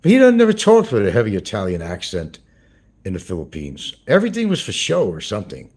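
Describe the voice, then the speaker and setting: A man talks low and husky, his pitch swinging up and down a lot as he rambles. He gossips crudely, swearing and chuckling as he goes, like a casual livestream host chatting to viewers. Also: wildly swooping pitch, fast, darkish tone.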